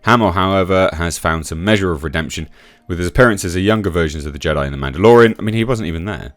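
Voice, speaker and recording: This fast-talking man, a YouTube commentator, reads out quotes and answers them with sarcastic, chatty remarks, his voice leaping from low mutters to sudden emphatic highs. No room sound is audible.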